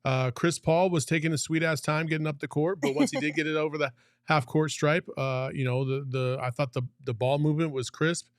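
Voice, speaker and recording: A man co-hosting a sports podcast, excitable, hyping the team and breaking into shouts. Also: a little high, fairly quick, no echo, studio quality. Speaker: podcast co-host.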